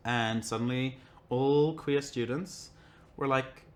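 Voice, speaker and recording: A young man casually telling a personal story as a podcast guest, animated and acting out the people he quotes. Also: mid-range voice, slow. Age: young adult. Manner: animated, acts out quoted voices, many "like" fillers.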